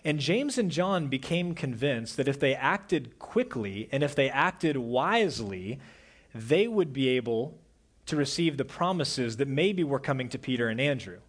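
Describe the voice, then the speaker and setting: A middle-aged male pastor preaching an earnest sermon, dropping to a soft hush on key words. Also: mid-range voice, very animated, a little slow.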